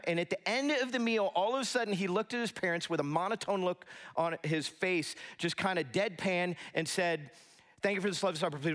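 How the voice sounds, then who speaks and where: A man's voice: high-pitched, a bit bright. A middle-aged man as pastor, preaching a conversational sermon with storytelling and asides in a church sanctuary.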